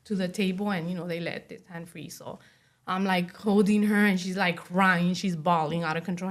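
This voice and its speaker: A young woman speaking as an interview guest, giving a personal testimony in a soft voice full of "you know" and "like". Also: lowish voice, steady tone, normal speed. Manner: soft-spoken, many fillers like "you know" and "like".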